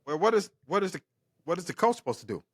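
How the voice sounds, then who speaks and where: A man's voice: high voice, sing-song, quick pace, breathy edge. A middle-aged man co-hosting a casual podcast, arguing his point emphatically and repeating it. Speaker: co-host, father figure.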